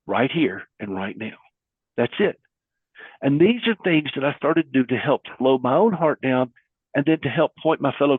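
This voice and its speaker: A man's voice: fairly high pitch, breathy edge, no room sound, phone-quality sound. Earnest man on a phone-thin line. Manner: earnest, preacherly, uses folksy metaphors. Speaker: guest caregiver advocate. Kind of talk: conversational interview.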